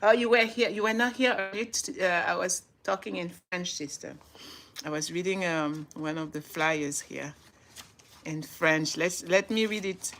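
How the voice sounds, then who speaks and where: A woman in her forties hosts a casual live stream from home, reading aloud and chatting with viewers in an upbeat, motivational way. Her voice sits fairly low, and she laughs often between lines. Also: measured pace, a bit bright. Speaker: livestream host.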